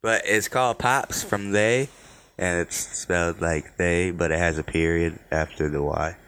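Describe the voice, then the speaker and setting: Low-voiced, playful man co-host. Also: steady tone, unhurried, a bit bright, clear, resonant tone, no echo. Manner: playful, teasing interjections. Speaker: podcast co-host. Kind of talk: casual chat.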